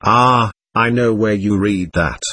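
A man reading an audiobook, voicing a calm, mild young man who questions gently. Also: fairly low pitch, slow pace, no echo, full character voice. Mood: surprised.

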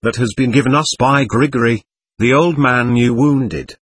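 A man reading the part of a cold, composed prosecutor who speaks in a measured, frigid way. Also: mid-range voice, slightly rough, natural voice.

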